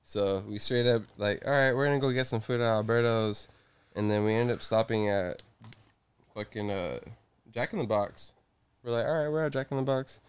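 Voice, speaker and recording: A young man telling a story in casual chat, acting out the voices of the people in it, swearing freely and breaking into loud bursts. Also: mid-range voice, moderate pace, smooth.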